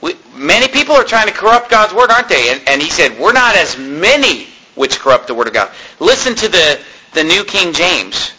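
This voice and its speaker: An American man preaching a sermon, animated and mocking, swinging between loud points and low asides. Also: a little fast, poor audio. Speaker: pastor.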